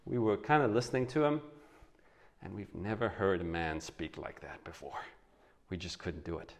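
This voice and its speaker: A man voicing awed male temple guards who speak low and quietly, sounding sheepish. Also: normal speed.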